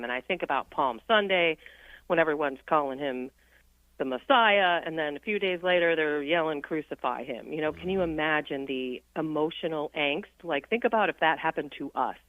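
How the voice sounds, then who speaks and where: Woman on a phone line, kinda low voice, earnest reflective faith chat, tinny and dry. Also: dry recording. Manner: earnest and reflective, laughs easily. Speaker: guest on a Catholic radio show. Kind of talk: casual spiritual chat on air. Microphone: phone call.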